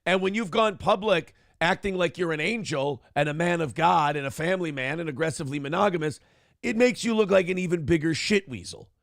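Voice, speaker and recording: A man hosts a morning talk show, swearing freely and poking fun at himself. His voice sits a bit high with a gravelly edge, heard dry and close on a desk microphone. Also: brisk, no room sound. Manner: profane, animated, self-deprecating. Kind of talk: casual podcast rant and chat. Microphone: headphones and clamp-mounted desk microphone.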